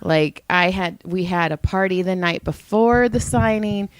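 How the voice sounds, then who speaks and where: A woman's voice: fairly low pitch, a little slow, clean tone, no echo. Blunt, profane woman telling stories. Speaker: podcast co-host. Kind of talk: casual chat.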